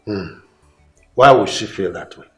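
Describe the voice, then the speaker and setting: A man's voice: lowish voice, animated, measured pace, a bit bright, husky, faint music behind, heavily acted. An actor playing a middle-aged king who lectures his sons and directs his wife. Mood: commanding. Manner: commanding, dismissive. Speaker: king and father. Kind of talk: film acting.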